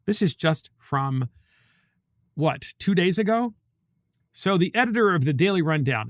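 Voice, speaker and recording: Male commentary host, fairly high voice, sarcastic and scornful, lively swings, close dry sound. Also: unhurried, no echo. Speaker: host of a political commentary show. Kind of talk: opinion commentary.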